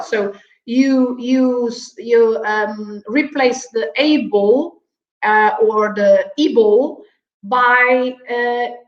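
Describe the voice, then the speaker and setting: Slow, patient woman teacher. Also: fairly high pitch. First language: Portuguese. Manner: patient, many fillers, checks in with "right?", light laughs. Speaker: language teacher guest. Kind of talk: explaining grammar on an online show. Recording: echoey, dull lo-fi video call audio.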